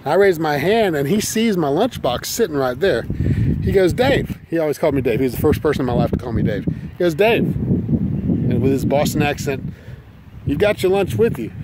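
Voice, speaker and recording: A man's voice: fairly high pitch, a little fast, very noisy. A middle-aged man telling a personal story in a folksy, self-deprecating way, outdoors. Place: outdoors by an old school building.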